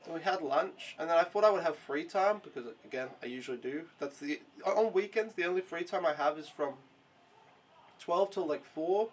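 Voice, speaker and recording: Young male vlogger, slightly high voice, casual rambling recap full of swearing and fillers. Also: moderate pace. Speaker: au pair vlogger.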